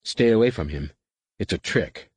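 A man voicing a firm, serious young male Jedi leader, speaking in a clipped, sharp way close to his own lowish voice. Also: lively intonation, moderate pace, slightly rough, no room sound. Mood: stern.

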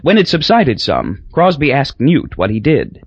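Husky male audiobook narrator. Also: mid-range voice, wildly swooping pitch, measured pace, no echo. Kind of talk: scripted narration. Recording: dull lo-fi recording.

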